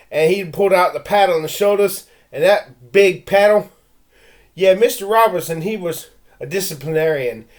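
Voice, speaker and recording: A man speaks to his camera in a rambling rant, tripping over his words and circling back. His voice sits a touch high for a man. He sounds intense and blunt, like someone airing grievances. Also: moderate pace. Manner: stammering, with frequent restarts and repeated words; intense and heated, with blunt threats. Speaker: vlogger.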